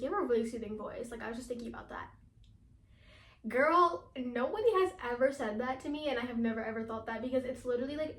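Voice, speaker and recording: A teenage girl vlogging in a casual, chatty way, talking fast with lots of fillers and laughing often. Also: fairly high pitch, echoey room. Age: teens. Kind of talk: casual chat.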